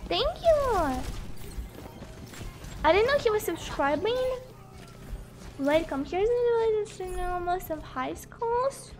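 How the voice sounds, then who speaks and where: A woman's voice: very high voice, expressive, takes it slowly, long pauses, faint music behind. A woman live streamer chatting casually with her viewers, giggling often and joking about herself while losing her voice a little. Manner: giggly, self-deprecating, laughs often.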